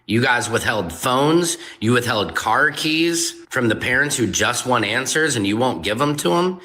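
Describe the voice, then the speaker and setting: A man's voice: medium pitch, expressive, measured pace, bright, forceful tone. A man speaking out with an indignant, accusing manner, listing grievances in one long run. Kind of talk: impassioned statement.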